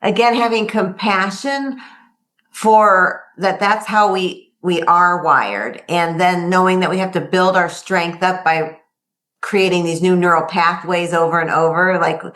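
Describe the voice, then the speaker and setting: A middle-aged woman talking as an interview guest, her voice set slightly low. She is chatty and lively in conversation, slipping into quoted inner monologue as she explains. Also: measured pace. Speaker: guest, workplace wellbeing author.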